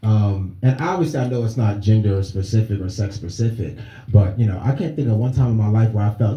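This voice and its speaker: A man's voice: on the low side, fairly quick, warm tone, highs cut off. Emphatic man giving life advice. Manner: emphatic, preachy, rhetorical. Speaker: speaker. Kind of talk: motivational talk.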